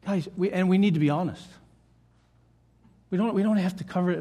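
High-voiced older man preaching earnestly. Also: a little fast, long pauses, warm tone. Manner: earnest, repeats key phrases for emphasis. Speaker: pastor. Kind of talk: sermon. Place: church meeting room.

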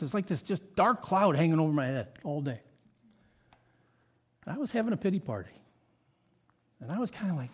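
A pastor delivering a sermon, moving between loud, emphatic points and quiet, reflective asides. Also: male voice, on the high side, big pitch swings, moderate pace, pauses often, breathy edge.

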